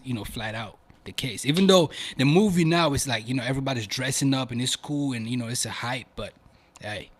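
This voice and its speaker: A young man from Africa hosting a podcast, chatting casually to viewers in animated slang. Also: medium pitch, husky. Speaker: podcast host. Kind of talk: casual video commentary.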